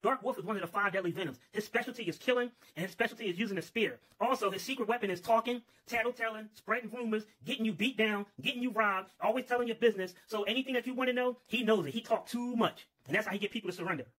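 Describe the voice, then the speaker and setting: Man, comic storyteller, rambling, profane, high voice, husky. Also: quick pace, few pauses, fairly bright tone.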